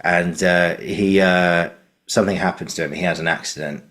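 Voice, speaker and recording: A British podcast host conducts a casual interview chat in a low, steady voice at normal speed with a fairly bright tone. He rambles, restarting sentences often and saying "you know" a lot.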